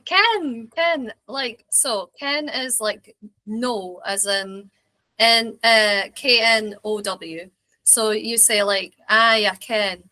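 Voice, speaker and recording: A young Scottish woman chats as an interview guest, her voice bright and ringing. She talks slowly and giggles often as she explains local words. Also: fairly high pitch. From Scotland. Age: young adult. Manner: giggly, explains slang playfully. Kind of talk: casual interview.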